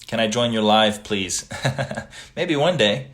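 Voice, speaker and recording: Man, fairly low voice, casual livestream host, chatty, reads viewer comments aloud. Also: takes it slowly. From Italian family background. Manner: relaxed, chatty, greets viewers by reading their comments aloud.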